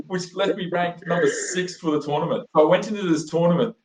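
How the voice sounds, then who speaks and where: A man's voice: a little high, brisk, slight background noise. An Australian man telling his story as an interview guest, enthusiastic and rambling, full of fillers and restarts. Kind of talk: animated storytelling in conversation. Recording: roomy echo.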